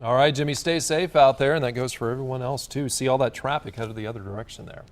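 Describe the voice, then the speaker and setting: A man's voice: mid-range voice, fast talker. A man anchoring a morning TV newscast, reading stories and bantering easily with his co-anchor. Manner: easygoing banter between stories. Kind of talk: TV news anchoring.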